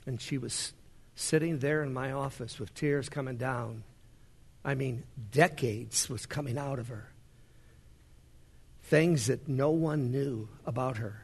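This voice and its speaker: A male pastor preaching a sermon in a large worship center, swinging between hushed storytelling and rising fervor. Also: mid-range voice, unhurried, vocal fry, pauses often, husky.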